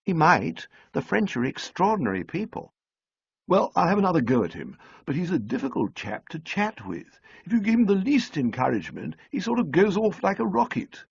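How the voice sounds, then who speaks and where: A man reading an audiobook, voicing an amiable, bumbling upper-class young English gentleman in a breezy, flustered way. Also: high voice, huge pitch swings, moderate pace, vocal fry, breathy edge, dry recording, dull audio, pitched above the performer's own voice, heavily acted. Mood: eager. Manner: breezy, flustered toff slang. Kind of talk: audiobook character voice.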